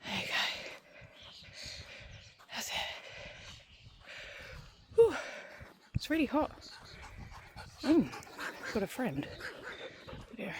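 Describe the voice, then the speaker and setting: A woman's voice: fairly high pitch, sing-song, drawn-out words, long pauses, background noise. A woman vlogger chatting casually while walking outdoors, rambling and a little out of breath. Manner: rambling, chatty, self-deprecating. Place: outdoors on a dog walk.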